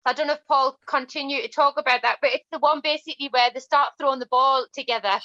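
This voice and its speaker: A woman's voice: high-pitched, fast talker, highs cut off. A woman, a guest on a podcast, telling stories in a frank, laughing casual chat. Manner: lively storytelling, frank and laughing.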